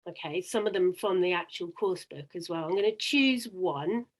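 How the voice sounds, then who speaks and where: A woman's voice: fairly low pitch, normal speed. Upbeat woman leading a teaching webinar. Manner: upbeat, guiding with questions. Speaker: teacher trainer presenting a webinar. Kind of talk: webinar presentation and demo dialogue.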